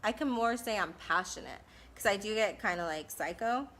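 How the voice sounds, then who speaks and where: A woman's voice: medium pitch, animated, normal speed, a bit bright. A woman in her thirties from California, chatting bluntly and casually while answering viewer questions live, laughing often. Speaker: live-stream host doing Q&A.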